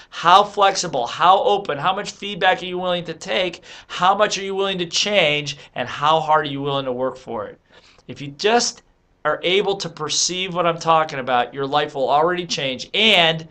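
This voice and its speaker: This man's voice is high, pushed and bright. He's a motivational speaker and author delivering an emphatic monologue to the camera, coaching his audience through rhetorical questions.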